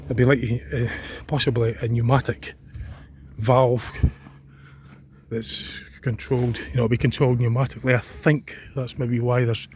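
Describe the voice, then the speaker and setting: Scottish male vlogger, mid pitch, rambling walk-and-talk, outdoor camera audio with clear background noise. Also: little pitch movement, normal speed, a little mellow. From Scotland. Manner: rambling, thinking aloud with fillers. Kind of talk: casual walking vlog. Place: outdoors by a reservoir on a cold day.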